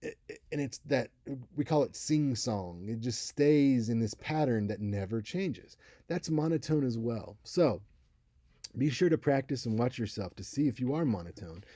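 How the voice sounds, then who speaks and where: In this recorded lecture, a college instructor in his thirties talks casually about speaking and occasionally performs sample voices. He has an expressive, warm mid-range voice at normal speed, recorded at studio quality without echo.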